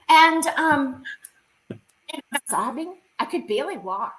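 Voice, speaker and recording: A woman with a bright, slightly high voice tells an emotional personal story as an interview guest. Her telling is vivid and heartfelt. She is on a video call in an echoey room. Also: very animated, measured pace. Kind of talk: recounting a personal experience in an interview.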